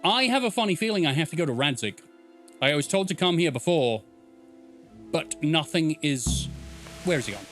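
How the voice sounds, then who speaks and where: A man commenting on his own gameplay in an animated, joking way, swearing freely and shouting at characters. His voice is fairly high and very bright, with faint music playing behind. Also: moderate pace, pauses often. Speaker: gaming streamer. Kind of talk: casual let's-play commentary.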